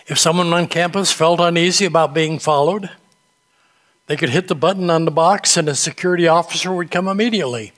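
A man preaching a sermon in a church, telling gentle humorous stories in an unhurried way. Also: a little high, long reverb tail. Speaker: pastor. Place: church sanctuary.

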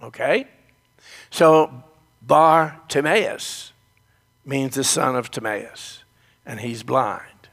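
A man's voice: mid-range voice, drawn-out words, gravelly, long pauses, a bit bright, long reverb tail. A man preaching a sermon who tells the story and speaks straight to his congregation. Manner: storytelling, addresses the congregation directly.

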